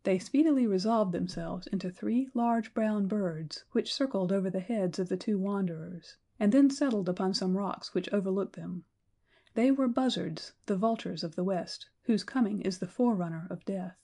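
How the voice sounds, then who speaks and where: A woman narrating an audiobook in a measured, storytelling manner. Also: mid-range voice, warm tone. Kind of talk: scripted narration.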